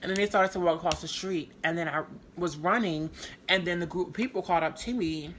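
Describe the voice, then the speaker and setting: A woman telling a personal story to camera in a rambling, halting way, full of fillers. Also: on the low side, slight background noise. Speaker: storytime vlogger.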